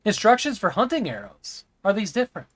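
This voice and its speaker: A man's voice: high voice, wildly swooping pitch, fairly quick, a bit bright, breathy edge, no room sound. A man streaming a game live, rambling and chatting with viewers, sometimes stammering over words. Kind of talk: live gameplay stream chat.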